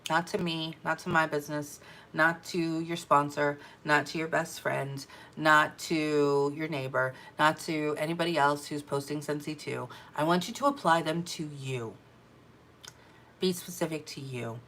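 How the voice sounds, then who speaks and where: A woman coaching her sales team in an energetic, emphatic talk, repeating her key phrases for effect. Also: low-pitched, measured pace. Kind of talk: motivational business talk to camera.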